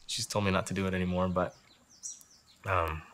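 A man giving a halting, earnest mock interview in a comedy sketch. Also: deep voice, level tone, a bit bright, slight background noise.

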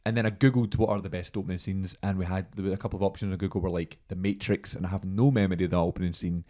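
Young guy rambling fast on a podcast, lowish voice, lots of likes. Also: steady tone, dark tone. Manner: chatty, rambling anecdotes with many "like"s. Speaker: podcast host. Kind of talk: casual chat.

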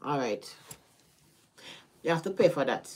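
A woman with a Caribbean accent gives a loose, chatty tarot reading on a livestream. Her voice sits a little low, and she drifts between thoughts and laughs often. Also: expressive, a little slow, husky. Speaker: tarot reader.

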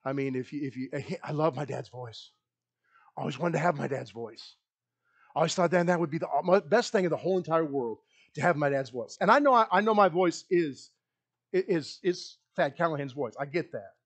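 A male pastor giving a sermon, talking in a halting, rambling way with many restarts, often dropping to a soft, low voice as he reflects.

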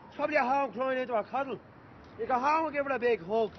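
A man's voice: very high-pitched, fast talker, dull audio, a little hiss or hum. An actor playing a swaggering young male gang leader who swears freely and bosses his friends around. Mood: cocky. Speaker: gang member.

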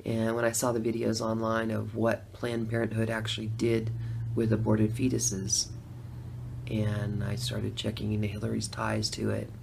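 A middle-aged woman telling her own story in a chatty testimonial vlog, laughing between lines and swinging from hushed to loud. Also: very deep voice, completely flat delivery, moderate pace, vocal fry, background noise.

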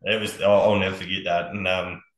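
A man's voice: deep voice, level tone, fast talker, reverberant, low-quality recording. An Australian man telling hunting-camp stories as a podcast guest, laid-back and swearing freely. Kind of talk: casual storytelling on a podcast.

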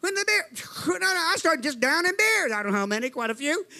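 A man's voice: very high-pitched, sing-song, fast talker, pushed and bright. A man preaching a fervent sermon, telling his testimony, calling to the crowd and acting out the voices in his story.

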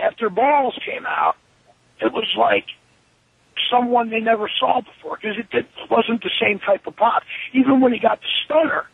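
A man tells stories over a tinny phone line in a very high, gravelly voice. He is profane and animated, and he acts out everyone's lines himself. His voice is raspy and the sound is dry. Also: no room sound. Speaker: wrestler being interviewed. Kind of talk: profane storytelling interview. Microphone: telephone.

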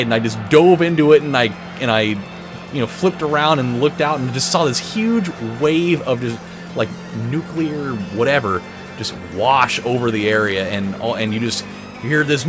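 A man hosting a let's play, telling a long story in a rambling way, full of fillers and profanity. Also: medium pitch. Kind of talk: casual gameplay commentary, telling a story. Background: racing game music and engine sounds.

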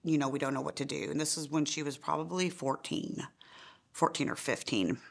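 Low gravelly-voiced grieving mother. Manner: halting, many fillers, voice rising and breaking in grief. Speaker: bereaved mother interviewee. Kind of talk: documentary interview testimony.

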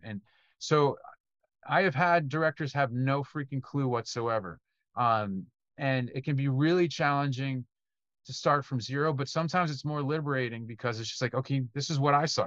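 A man's voice: mid-range voice, a bit bright, no room sound. Guy composer chatting loose, cusses a bit, plays out what directors say, dry dull-ish sound. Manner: loose and conversational, swears, acts out quoted directors. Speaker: film composer answering student questions. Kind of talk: casual Q&A talk.

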